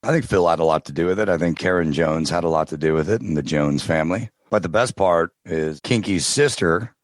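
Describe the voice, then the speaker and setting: A man telling stories as a podcast guest in casual interview chat, relaxed, now and then trying out character voices. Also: low-pitched, a little fast, no room sound, clean studio sound. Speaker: podcast guest, audiobook narrator.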